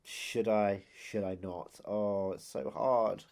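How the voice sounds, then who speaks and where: A man's voice: lowish voice, steady tone, slow pace, darkish tone. A man co-hosting a film podcast in casual, playful, teasing chat. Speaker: podcast co-host.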